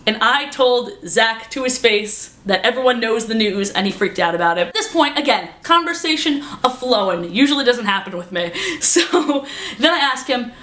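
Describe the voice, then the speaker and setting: Young woman vlogger, bubbly chatter with a bright, slightly high voice in an echoey room. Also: moderate pace. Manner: chatty, excitable, peppered with "like". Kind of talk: casual vlog recap. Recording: roomy echo.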